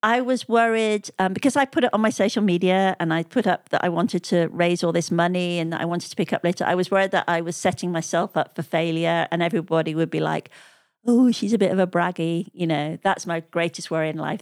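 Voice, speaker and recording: A woman's voice: lowish voice, steady tone, fast, few pauses, dry recording, studio quality. A woman telling stories as an interview guest, chatting freely, laughing often and quoting the people she met. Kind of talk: conversational storytelling.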